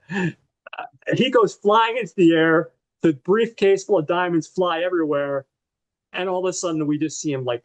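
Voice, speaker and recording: Man podcast co-host, slightly high voice, casual movie recap, animated and profane, lots of fillers.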